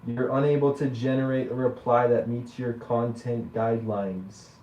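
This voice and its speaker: Deadpan guy needling an ai, mellow voice, muffled far-off security cam audio. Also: mid-range voice, moderate pace, a little hiss or hum. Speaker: user chatting with an AI. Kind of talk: deadpan trolling chat. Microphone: security camera. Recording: dull, roomy, distant security camera audio.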